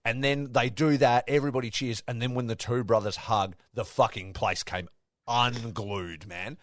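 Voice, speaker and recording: A man co-hosting a casual wrestling podcast, telling stories with excitement, swearing often and acting out what others said. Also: medium pitch, moderate pace, no room sound, clean studio sound. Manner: excitable storytelling, swears a lot, acts out quotes. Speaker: podcast co-host.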